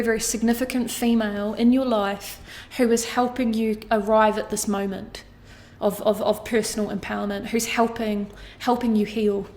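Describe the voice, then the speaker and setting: A woman with a slightly high, somewhat mellow voice gives a tarot reading to her viewers. She is earnest and emotional, repeats her phrases a lot, and swears casually in this astrology monologue.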